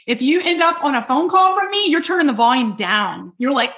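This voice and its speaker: A woman sales coach teaching in a loud, hypey, energetic way, talking straight to her listeners and checking they follow. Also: high voice. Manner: quick, emphatic, addresses listeners directly.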